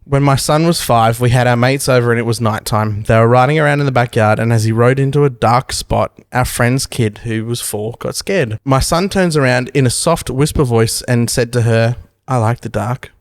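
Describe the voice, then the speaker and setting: Man, podcast co-host, mid pitch, dry teasing delivery, dead-dry close mic. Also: normal speed, few pauses, clean tone, dry recording. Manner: dry, laid-back, teasing. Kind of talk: casual parenting podcast chat.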